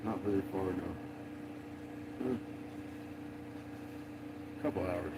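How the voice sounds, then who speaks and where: On a road-trip vlog with his dogs, a man chats casually in a low-pitched voice, speaking very slowly. He is laid-back, swears freely, and laughs often. The recording is very noisy.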